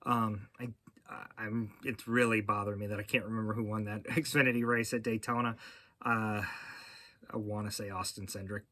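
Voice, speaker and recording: A man's voice: lowish voice, level tone, moderate pace, sharp tone, no room sound. A man hosting a casual racing podcast, talking in a rambling way with many fillers and restarts. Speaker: podcast host.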